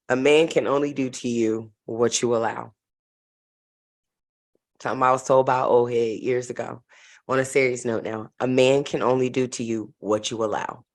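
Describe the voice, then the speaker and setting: Chatty slang-heavy woman vlog host. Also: rumbling low. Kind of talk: casual gossip commentary.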